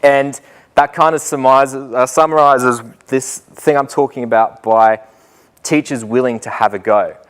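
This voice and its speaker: A young Australian man tells a live group stories in a loose, chatty way. He pokes fun at himself and breaks into laughter often. His pitch sits in the middle range for a man. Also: fairly even intonation, measured pace, clean tone. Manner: chatty and self-mocking, laughs through his own stories. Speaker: student teacher giving a talk. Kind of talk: storytelling talk to a live group.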